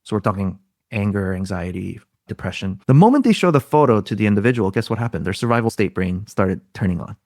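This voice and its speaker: A man's voice: lowish voice, animated, fast, a little mellow, no room sound, clean studio sound. A man, a guest expert on a podcast, explaining ideas in a teaching tone and often throwing out rhetorical questions. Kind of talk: explaining in an interview.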